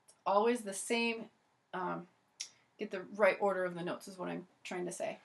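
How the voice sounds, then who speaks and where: A woman's voice: mid-range voice, steady tone, normal speed, creaky. A woman teaching violin in a video lesson, chatty and encouraging, with many "so" and "okay" starts. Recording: loud violin playing between phrases.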